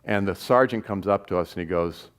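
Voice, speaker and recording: Lower-voiced man telling a story. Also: fairly quick, smooth. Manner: animated anecdote, acting out quoted voices. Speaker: documentary filmmaker. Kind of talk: storytelling at a live gathering. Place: stage at a live event.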